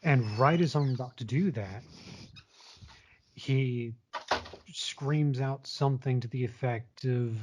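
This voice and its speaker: A man's voice: mid-range voice, takes it slowly, pauses often, a little mellow, dull audio, a little hiss or hum. A man in his late twenties telling a long personal story in a candid, casual way, swearing often. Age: late 20s. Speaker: guest sharing his story. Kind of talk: casual conversation.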